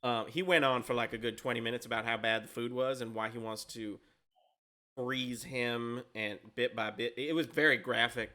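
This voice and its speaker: A man's voice: mid-range voice, steady tone, moderate pace, pushed and bright, lightly acted. A man voicing a nervous, tiny halfling man who stammers and repeats his words. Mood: rambling.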